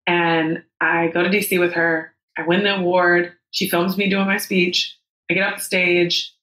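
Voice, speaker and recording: A woman's voice: on the low side, level tone, a little slow, fairly bright tone. A woman in her thirties telling a personal story as a podcast guest, candid and emotional, with frank swearing. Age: 30s. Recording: roomy echo.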